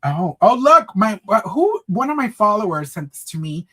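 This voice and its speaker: His high, husky voice is sing-song and sharp-toned, moving at a moderate pace as he hosts a casual livestream. He chats campily and sassily, mixing in Spanish and calling viewers honey and girl.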